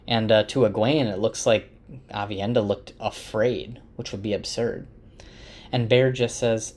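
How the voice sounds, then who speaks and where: Man, lower voice, relaxed book recap, dips into character lines without fully acting them. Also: a little slow. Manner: chatty, loosely acts out characters' lines; laughs at funny moments. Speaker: book summarizer. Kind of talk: casual retelling of a novel.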